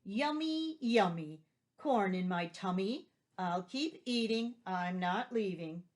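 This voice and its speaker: A woman voicing a greedy, stubborn male billy goat in a read-aloud storybook, chanting sing-song rhymes a little higher than her own voice. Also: very animated, slow pace, full character voice. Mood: smug chanting.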